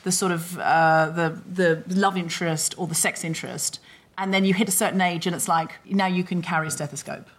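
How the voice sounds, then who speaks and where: A woman hosting a live podcast, asking questions and making quick jokes in casual conversation. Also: lowish voice, fairly even intonation. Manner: quick, joking interviewer. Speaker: podcast host.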